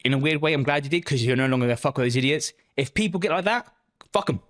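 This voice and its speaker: A man's voice: medium pitch, fast, a bit bright. A man live-streaming, chatting casually with viewers and answering their messages with lots of swearing and joking banter.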